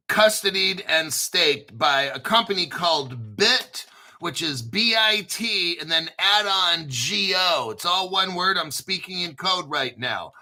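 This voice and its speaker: A man's voice: high-pitched, bright, forceful tone. A man hosting a crypto show, talking in a hyped, conspiratorial, profane way. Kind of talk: excited crypto commentary.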